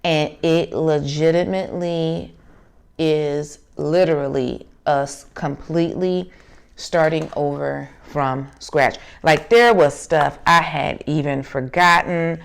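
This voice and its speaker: A woman's voice: sits low, steady tone, slow, creaky, smooth. A woman, telling a personal story casually and earnestly, acting out remembered dialogue on her craft channel. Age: 40s.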